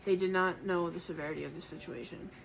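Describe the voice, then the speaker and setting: A woman tarot reader with a slightly low voice, talking gently and encouragingly through a spiritual collective reading. She pauses often, circles back with fillers and lets emotion show. A faint hiss sits under the voice. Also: fairly even intonation, gravelly, low-quality recording. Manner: emotional at times.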